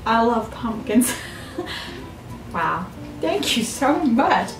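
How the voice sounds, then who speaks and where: An older woman, chatting to camera as a vlogger opening fan mail, gasping and gushing with excitement. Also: a little high, very slow, pauses often, soft background music. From Southern United States. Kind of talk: casual chat to camera. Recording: echoey room, mic a bit far off.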